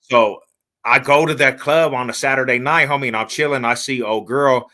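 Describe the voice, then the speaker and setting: A man hosting a podcast, telling stories in animated, slangy casual chat and laughing as he goes. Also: medium pitch, moderate pace. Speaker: podcast host.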